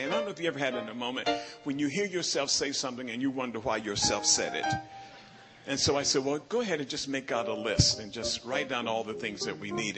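In a mid-range voice, a bishop in his sixties tells a personal story during a sermon. He's animated and imitates the drawling catchphrase of other preachers.

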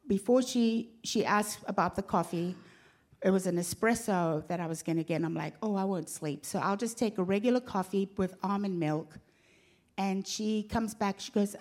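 A woman, telling a lively personal story to a church congregation and acting out the voices of the people in it. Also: mid-range voice. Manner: animated, acts out quoted voices. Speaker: pastor's wife telling a story.

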